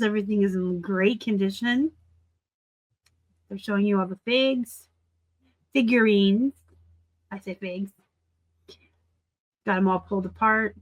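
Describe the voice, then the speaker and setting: A woman in her forties hosting a reseller channel, chatting casually and excitably as she looks over sold listings. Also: medium pitch. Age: 40s. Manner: chatty and excitable, gushing over items and teasing seller titles. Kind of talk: casual screen-share commentary.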